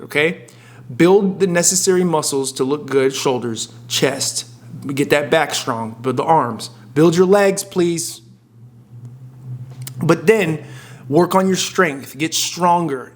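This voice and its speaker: A young man giving blunt, profane fitness advice straight to camera, emphatic and often cutting himself off mid-sentence. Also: a little high. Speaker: fitness content creator. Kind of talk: casual direct-to-camera advice.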